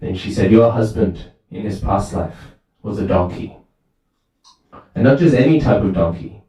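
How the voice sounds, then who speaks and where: Low dark-voiced guy giving a temple talk, super echoey hall, mic far away. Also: moderate pace. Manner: lively storytelling, asks "right?" often. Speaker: temple speaker. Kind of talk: sermon with storytelling.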